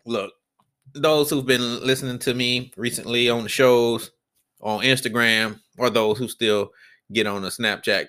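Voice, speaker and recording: A man hosts a solo podcast with no script, talking bluntly and with plenty of profanity. His voice is bright and forceful, and he keeps circling back over his own sentences. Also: mid-range voice. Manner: blunt, profane and rambling, with repeated restarts. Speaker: podcast host. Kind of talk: unscripted solo podcast rant.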